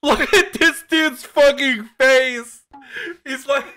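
A young woman streaming games live on a headset mic, excitable, laughing often and swearing freely. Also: high-pitched, slow, soft background music. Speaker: game streamer. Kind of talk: live gameplay commentary.

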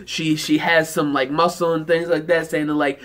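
A man with a fairly high-pitched voice gives a casual review of an episode. He rambles with enthusiasm, stops to search for words, and drops "like" into nearly every phrase. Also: little pitch movement, normal speed, fairly bright tone. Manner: rambling, enthusiastic, heavy use of "like" fillers. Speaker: anime reaction reviewer.

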